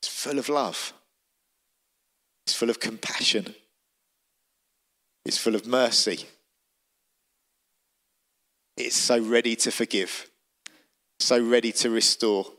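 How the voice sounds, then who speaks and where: A man's voice: mid-range voice, unhurried, long pauses, fairly bright tone. A man preaching a sermon, telling the story vividly and with emphasis.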